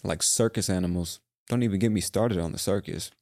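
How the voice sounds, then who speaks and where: Low, ranting podcast guy, lots of swearing. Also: a little fast, a little mellow, no echo, clean studio sound. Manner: rambling, profane, ranting. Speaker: podcast host. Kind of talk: casual solo monologue.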